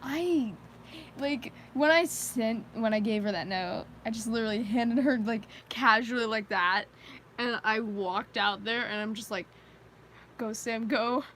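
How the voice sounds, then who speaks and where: Rambling woman streamer with a highish voice. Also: unhurried, fairly bright tone, a little hiss or hum, rough recording. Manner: rambling, heavy use of "like" fillers; nervous self-conscious laughter between thoughts. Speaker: live streamer. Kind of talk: casual live-stream chat.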